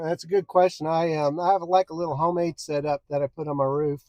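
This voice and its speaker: Easygoing storm-chasing man, slightly high voice. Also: level tone, fast talker, mellow, no room sound. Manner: easygoing, chatty, talks to viewers. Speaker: storm chaser and photographer. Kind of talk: casual live-stream chat. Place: outdoors by the roadside on open plains.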